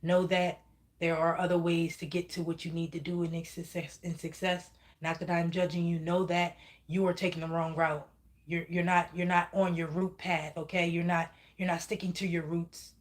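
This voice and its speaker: Woman, spiritual reader on a livestream. Slightly low voice, emphatic, keeps checking in with "okay?", curses when she gets heated. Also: flat delivery, moderate pace. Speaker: spiritual reader channeling messages. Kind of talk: livestreamed psychic reading.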